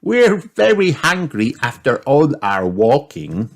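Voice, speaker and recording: A man doing the voice of a cheerful, excitable little girl piglet in a storybook reading. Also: mid-range voice, slow pace, vocal fry, voice pushed up, full character voice. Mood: excited. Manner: bright, bouncy, eager.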